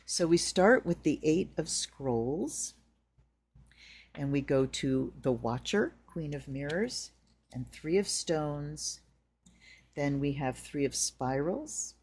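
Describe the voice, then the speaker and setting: A woman's voice: deep voice, animated, slow, darkish tone, breathy edge. A middle-aged woman giving a casual tarot reading, chatty and storytelling, acting out the things people say. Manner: chatty, storytelling with acted-out quotes. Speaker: tarot reader.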